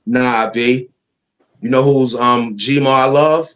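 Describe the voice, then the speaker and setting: A man's voice: mid-range voice, steady tone, takes it slowly, a bit bright. A man co-hosting a live stream panel, telling stories in casual, slangy, profane chat and acting out the voices he quotes.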